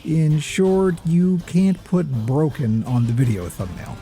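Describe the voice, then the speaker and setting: A gaming video host, a man, narrates in a measured, lofty scripted style that tips slightly toward pretentious. His mellow, warm voice sits on the high side and rises and falls with liveliness, while soft music plays underneath.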